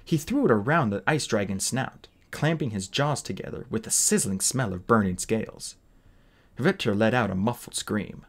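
A man reading a fantasy novel aloud as an expressive audiobook narrator. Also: on the low side, moderate pace. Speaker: audiobook reader. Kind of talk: storybook narration.

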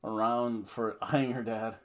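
A man's voice: mid-range voice, level tone, unhurried. A man giving a casual, rambling, jokey wrestling review full of fillers and restarts.

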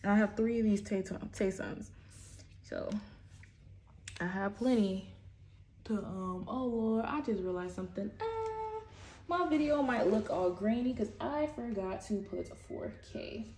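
A woman's voice: mid-range voice, expressive, measured pace, dark tone. A young woman chatting casually while unboxing, often trailing off mid-sentence. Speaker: album unboxing vlogger.

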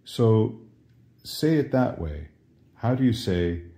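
A man with a very low voice leads a Latin lesson at a slow, unhurried pace. He asks a question and then gives the answer, patiently, again and again. His tone is dark and mellow throughout. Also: big pitch swings. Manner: patient, repeats each phrase as a question and answer. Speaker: Latin teacher. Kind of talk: slow drill-style language lesson.

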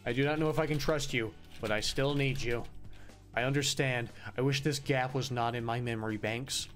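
A man plays a loyal, anxious robot companion who talks in stiff, careful phrases. The voice sits at a plain middle pitch over faint game music. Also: steady tone, moderate pace, fairly bright tone, close to an everyday voice. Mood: earnest.

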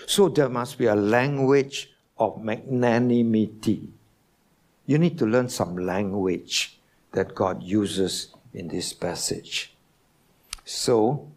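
Slow, low-voiced male pastor preaching. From Singapore. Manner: slow, teaching, asks the congregation questions. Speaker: senior pastor. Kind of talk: sermon. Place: church.

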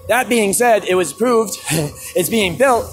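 High-voiced man ranting outdoors. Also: a little slow, faint music behind. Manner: animated, acts out both sides of arguments. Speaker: street musician vlogger. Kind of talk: casual outdoor vlog rant. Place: outdoors in a city plaza.

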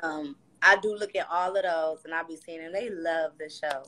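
A woman's voice: deep voice, normal speed. A young woman, a reality show guest talking candidly and loosely in a casual livestream interview over a phone. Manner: candid, loose, animated with slang. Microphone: phone on a live video call.

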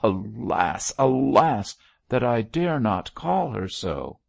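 A man reading an audiobook, voicing an anguished grey-haired older bishop who speaks gravely and in a stately manner. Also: on the low side, big pitch swings, slow pace, dry recording, heavily acted.

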